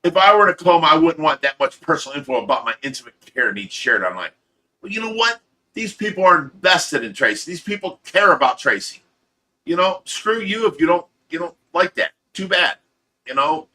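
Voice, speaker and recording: A man's voice: fairly high pitch, very animated, fairly quick, sharp tone. A man hosting a casual livestream, talking bluntly and profanely, ranting and telling stories to his chat with laughs. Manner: ranting, talks to chat commenters by name. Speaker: livestream host of a fish rescue channel.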